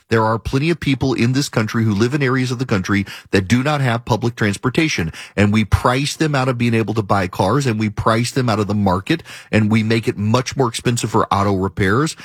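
A man's voice: mid-range voice, husky, no echo, studio quality. A man hosting a talk radio show, delivering an emphatic, argumentative monologue and hammering his points home by repeating them. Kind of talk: opinionated monologue.

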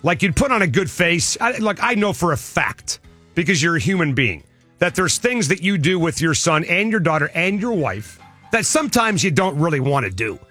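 Sports radio host guy, pushy and animated, bright punchy voice. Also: on the high side, moderate pace, no echo, soft background music. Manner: emphatic, needling, animated. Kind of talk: sports talk radio banter.

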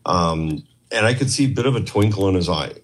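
Low-voiced, brisk and a little breathy, this former police trainer from Canada is guesting on a talk show. His casual interview turns into a long, wandering tale in which he acts out what each person said with plenty of animation.

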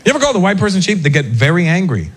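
High, lively male stand-up comic. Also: husky. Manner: animated, acts out characters in quick voices. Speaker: stand-up comedian. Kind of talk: stand-up comedy routine. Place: comedy stage with a live audience. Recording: noisy live show recording.

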